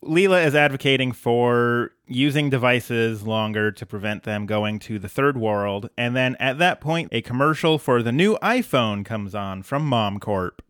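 A man's voice: mid-range voice, lively intonation, fairly bright tone, clean tone, no echo, clean studio sound. A man co-hosting a podcast, recapping a cartoon episode in casual chat with an easygoing, wry manner. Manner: wry, easygoing, quick quips. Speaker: podcast co-host.

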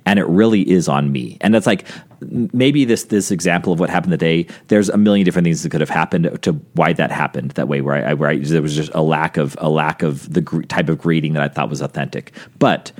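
A man's voice: extremely low pitch, fast, darkish tone. A man speaking earnestly about faith in a reflective podcast conversation, often restarting his sentences.

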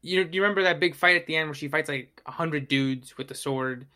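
A podcast co-host in casual movie-review chat, talking in an animated way, swearing and acting out their own reactions. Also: medium pitch, fast talker.

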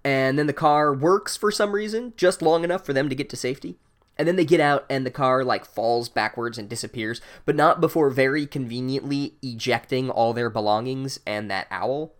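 A young man giving a sarcastic, profane comedic recap of a book chapter in a deadpan voice. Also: medium pitch, normal speed.

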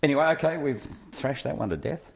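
A man's voice: medium pitch, fairly quick, gravelly, breathy edge. A man co-hosting a podcast, chatting casually and keen to chip in with questions. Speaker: podcast co-host. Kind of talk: casual chat.

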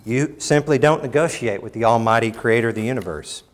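Preaching at a fairly quick clip, this pastor rises into forceful outbursts and sinks to hushed tones. Now and then he acts out quotations using mock voices.

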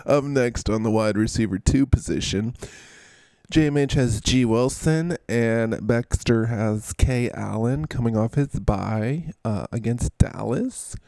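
A man's voice: mid-range voice, unhurried, vocal fry, mellow, no room sound, studio quality. A man hosting a podcast, rambling and joking at his own expense in a casual chat. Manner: rambling, jokey, self-mocking. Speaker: podcast host.

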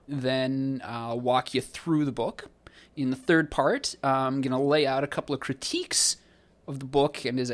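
A man hosting a podcast in a casual, conversational way, with a mid-range voice. He swears freely and stays sardonic and lively. He lays out his points like a talker who enjoys mocking what he discusses. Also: mid-range voice. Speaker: podcast host.

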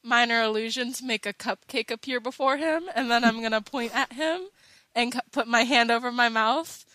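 A woman's voice: a little high, moderate pace, sharp tone, dry recording. A woman playing a tabletop role-playing game, playful and mischievous in her turns. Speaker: player. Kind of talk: casual tabletop play.

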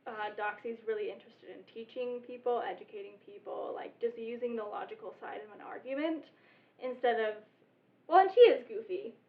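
A woman's voice: on the high side, a little fast. A woman chatting casually about her tabletop game character, giggling often and filling with "like". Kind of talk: casual group chat about a campaign. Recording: tinny, phone-like sound.

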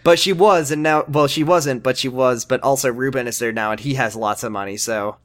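A man's voice: medium pitch, fairly bright tone. A man co-hosting a podcast, joking and chatting casually about a TV episode and quoting its characters. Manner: jokey, quick asides, quotes characters. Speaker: podcast co-host. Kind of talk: casual chat recapping a TV episode.

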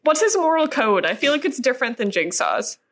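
A woman with a fairly high voice chats playfully about a film. Her pitch swings a great deal from line to line, and she is quick to be amused. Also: big pitch swings, a bit bright. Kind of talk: casual chat about films.

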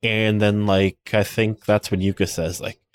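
This is a man co-hosting a podcast, recapping an episode in loose, casual chat. His voice sits a little low. He rambles through the story with constant "like" fillers and tells the scenes with animated energy. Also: measured pace, smooth. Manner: rambling, many "like" fillers, animated retelling with laughs. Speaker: podcast co-host.

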